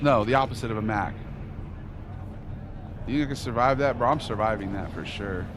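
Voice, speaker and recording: A young man with a fairly low, brisk voice plays a video game live and talks to his chat in a slangy, joking manner. Game music sits behind him against a noisy background.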